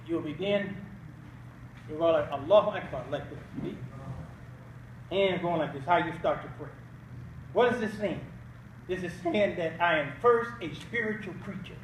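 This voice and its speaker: Older man, high-pitched voice, banquet speaker, rhetorical call-and-response preaching, echoey hall, distant mic, faint noise. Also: measured pace, long pauses. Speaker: guest speaker. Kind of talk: Islamic preaching at an awards banquet.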